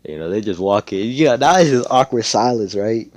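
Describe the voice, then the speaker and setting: A man's voice: lowish voice, lively intonation, moderate pace, no room sound. A young man telling a fan story in a casual, rambling way, swearing often and leaning on fillers. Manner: rambling, profane, full of fillers.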